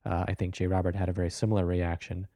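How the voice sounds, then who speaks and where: Deep, mellow-voiced male host. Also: quick pace, dry recording. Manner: relaxed, conversational, with fillers. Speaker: radio film show host. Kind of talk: introducing a guest and film clip.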